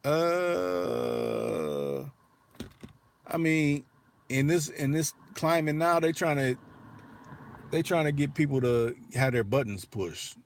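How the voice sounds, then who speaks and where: With a mid-range voice swinging widely in pitch, a man with an African American English accent hosts a livestream slowly and with frequent pauses. He chats loosely, swears, and restarts his sentences many times.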